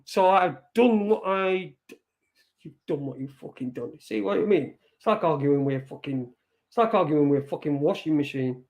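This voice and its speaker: A man's voice: high-pitched, expressive, moderate pace. A man hosting an online show, swearing and mocking as he reads out messages. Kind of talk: casual live-stream rant.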